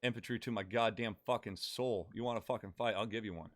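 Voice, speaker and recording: A low-voiced man talks fast while streaming a game, chatting casually with his viewers. He's blunt and swears heavily throughout this live-stream banter.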